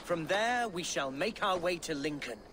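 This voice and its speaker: Game role: a vain, theatrical young lord, high, bright and swooping. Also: male voice, expressive, moderate pace, a little hiss or hum. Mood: grandiose. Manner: pompous and theatrical. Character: boastful flowery young male lord.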